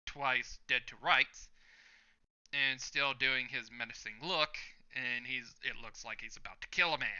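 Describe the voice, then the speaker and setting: A man hosts his own reaction video and reads a comic chapter aloud. He describes each panel slowly with easy fillers, in a bright, smooth voice. The recording is slightly muffled and lo-fi. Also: medium pitch. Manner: narrates panel by panel, relaxed, with fillers. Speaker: channel host. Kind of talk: reading a manga chapter aloud with commentary.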